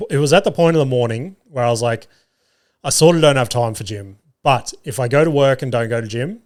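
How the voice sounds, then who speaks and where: A man, a podcast host telling casual stories and swearing freely. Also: mid-range voice. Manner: swears freely, acts out family dialogue. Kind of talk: casual storytelling.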